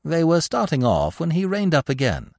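A man narrating a classic novel in a measured, expressive reading. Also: fairly high pitch, vocal fry, no echo, studio quality. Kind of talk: scripted audiobook narration.

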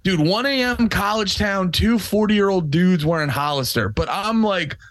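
A man's voice: sits high, normal speed, a bit bright, no room sound. Slangy young man with a lightish voice. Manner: loose slangy storytelling, heavy use of "like" and "dude". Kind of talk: casual podcast chat.

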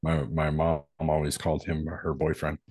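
A man's voice: very deep voice, monotone, moderate pace, darkish tone, husky, dry recording, studio quality. A man co-hosting a casual film podcast, laid-back and mostly giving short agreeing replies. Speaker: podcast co-host.

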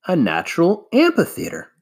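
A man's voice: a little high, huge pitch swings, normal speed, creaky, a little mellow, breathy edge, voice pushed up, heavily acted. Father, a man doing a musing dad.

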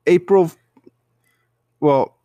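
A man recapping a TV show from home in a casual, animated way, laughing often and acting out lines. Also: fairly high pitch, very slow, no echo. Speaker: TV show reviewer.

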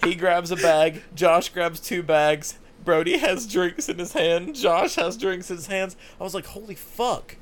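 A man's voice: high voice, measured pace, few pauses. A young man casually telling a funny, profane story on a podcast, laughing often. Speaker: podcast host.

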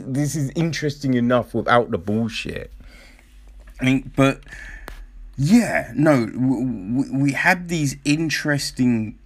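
A man talks through a nature series at an unhurried pace, circling back with fillers and restarts. His voice sits at an ordinary middle pitch. He drifts into casual swearing and jokey asides. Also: fairly bright tone. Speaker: TV show reviewer. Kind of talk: casual review chat.

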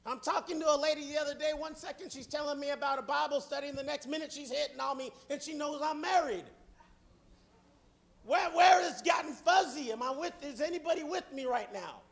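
A middle-aged man preaching with fervor and a strikingly high voice. He swings from soft, low passages to ringing shouts at the congregation. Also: fairly even intonation, quick pace, vocal fry, few pauses. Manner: fervent, building to shouts. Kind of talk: sermon.

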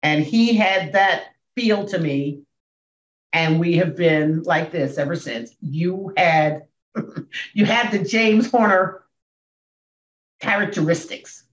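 A woman in her sixties, a comedian and speaker, telling her story as a podcast guest with emphatic swings in pitch and volume. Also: lively intonation, slow, pauses often. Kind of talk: emotional storytelling in a podcast interview. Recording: echoey, dull room sound.

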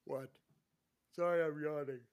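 A man's voice: fairly high pitch, steady tone, a little slow, clear, resonant tone. A man co-hosting a podcast in casual chat, wry and teasing, joking and sighing in reaction. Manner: wry and teasing, sighs and jokes. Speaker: podcast co-host.

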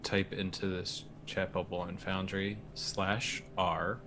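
A tabletop player calmly explaining how to make a dice roll. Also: low-pitched, slow, noisy background. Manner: calm, helpful explaining. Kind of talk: casual tabletop play.

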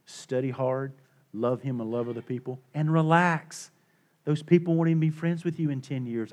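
A middle-aged male pastor preaching a sermon, swinging between hushed and loud and repeating his points for emphasis. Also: medium pitch, normal speed, creaky.

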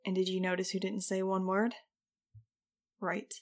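A woman's voice: medium pitch, flat delivery, moderate pace. A woman narrating a first-person audiobook in a wry, conversational way.

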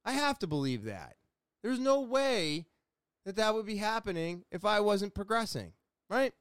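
A man's voice: high voice, very animated, moderate pace, fairly bright tone, clean tone, dry recording, studio quality. Earnest rambling New man. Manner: rambling, earnest, self-deprecating. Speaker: vlogger. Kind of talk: casual chat. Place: small home room with sound panels.

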